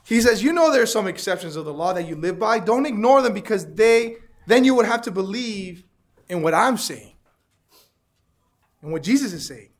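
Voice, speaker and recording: A man's voice: high voice, expressive, normal speed. A man teaching an interactive Bible lesson, asking the class questions and repeating their answers.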